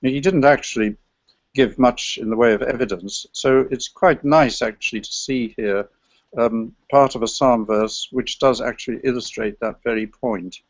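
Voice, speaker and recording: Man, gravelly voice, scholarly lecture, digressive, dry lo-fi recording. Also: mid-range voice, normal speed, no room sound. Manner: scholarly, digressive, sings chant examples. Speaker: lecturer on medieval chant. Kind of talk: academic paper presentation.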